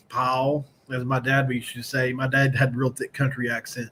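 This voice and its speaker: A man's voice: mid-range voice, fairly even intonation, normal speed, few pauses, a bit bright, a little hiss or hum. A man hosting a casual live-streamed sports talk show, speaking in a loose, rambling way and greeting chat viewers by name.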